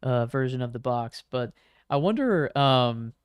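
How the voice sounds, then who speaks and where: A man's voice: mid-range voice, expressive, measured pace, clear, resonant tone, dry recording, clean studio sound. A man co-hosting a casual podcast, loose and questioning, swearing freely. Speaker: podcast co-host.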